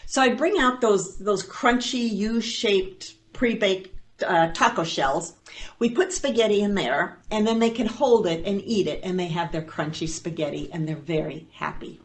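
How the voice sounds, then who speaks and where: A woman tells a personal story to an audience, her voice sitting at an everyday middle pitch. She speaks as a foster parent, animated and playful. Dry little asides slip in between the lively parts. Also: moderate pace.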